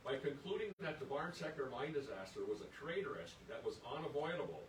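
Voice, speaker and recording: A man's voice: sing-song, brisk. Older man lecturing in an echoey room. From Upper Peninsula of Michigan. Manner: earnest, indignant, reads quotes aloud, repeats words as he restarts. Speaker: presenter at an archives lecture. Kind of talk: public history lecture. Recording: echoey room, distant mic, faint rumble.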